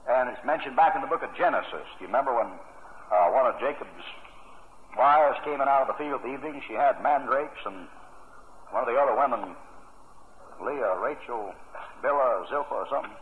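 Folksy preacher on a tinny tape. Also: male voice, mid-range voice, slight background noise. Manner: folksy and conversational, with homely humor. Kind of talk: sermon. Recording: tinny phone-like old sermon tape.

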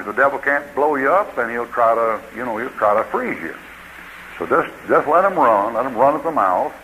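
A man's voice: mid-range voice, pushed and bright, a little hiss or hum, poor audio. A man preaching a sermon in a folksy, joking way, acting out what people say.

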